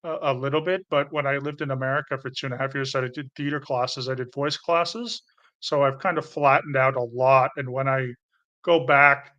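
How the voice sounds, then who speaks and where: A man's voice: mid-range voice, steady tone, moderate pace, pushed and bright, muffled recording. A man with a light Canadian accent chatting casually as host, rambling a little and often restarting his sentences while he answers comments. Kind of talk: casual livestream chat.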